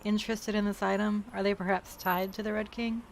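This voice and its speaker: A woman's voice: mid-range voice, level tone, fairly quick, gravelly. Woman player, tabletop game, inquisitive, faint background hiss. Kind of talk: casual tabletop play over a voice call.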